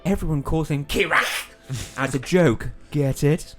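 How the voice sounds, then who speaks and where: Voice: mid-range voice, unhurried, faint music behind, lightly acted. A radio co-host voicing a perky female TV news presenter in a comic fan-fiction reading. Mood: chirpy.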